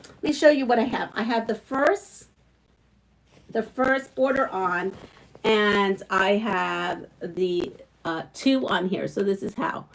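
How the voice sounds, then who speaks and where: A woman's voice: medium pitch, slow pace, poor audio. A middle-aged woman from Brooklyn with a Brooklyn accent, hosting a quilting live stream and chatting casually with her viewers as she reads their comments aloud. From Brooklyn, New York. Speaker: quilting channel host.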